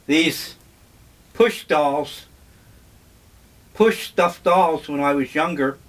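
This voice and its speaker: An older man vlogging, telling memories in a slow, wry, meandering way. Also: fairly high pitch. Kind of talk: casual reminiscing monologue.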